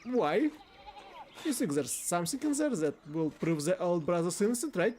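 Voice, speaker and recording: A man's voice: sits high, sing-song, normal speed, a little mellow, a little hiss or hum. A man reading the lines of a blunt, irreverent village laborer in a game, brash and mocking, with frequent laughs.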